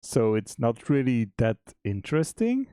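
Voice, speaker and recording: A man co-hosting a stream, chatting casually about making a game, relaxed and chuckling, often restarting his sentences. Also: medium pitch, a little slow, smooth, no echo, studio quality. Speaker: game developer and stream co-host.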